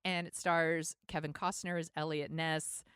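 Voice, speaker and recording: A woman's voice: low-pitched, flat delivery, a little slow, a bit bright, clear, resonant tone, no echo, studio quality. Chatty woman podcast host. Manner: chatty and upbeat, with frequent fillers. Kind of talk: casual chat. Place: home, San Francisco.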